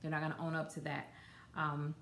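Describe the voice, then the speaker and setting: A woman's voice: low-pitched, monotone, brisk, a bit bright, a little hiss or hum. A woman hosting a podcast on her own, talking in a loose, conversational way with lots of fillers and restarts. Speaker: podcast host. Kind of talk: casual solo podcast talk. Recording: roomy echo.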